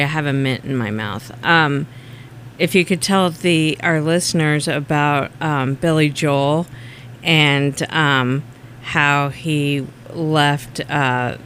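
Male radio host, casual on-air chat, eager and gushing, bright tone. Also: fairly high pitch, a little hiss or hum. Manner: bubbly and eager, gushing over stories.

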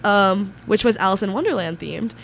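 A woman's voice: mid-range voice, normal speed, gravelly. A young woman co-hosts a chatty radio show, laughing easily at herself. A cold leaves her voice stuffy and nasal. Faint room noise hums under her mid-range voice. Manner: giggly, self-deprecating. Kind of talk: casual chat.

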